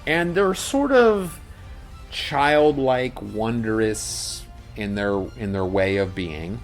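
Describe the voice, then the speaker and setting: A man's voice: mid-range voice, lively intonation, extremely slow, faint music behind. A man co-hosting a tabletop gaming podcast in casual, rambling chat with lots of fillers and restarts. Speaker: podcast co-host.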